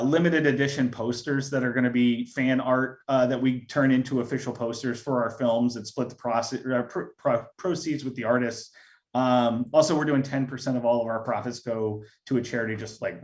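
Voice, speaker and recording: A man, a filmmaker, answering audience questions in a casual live Q&A, halting often with fillers and restarts. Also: mid-range voice.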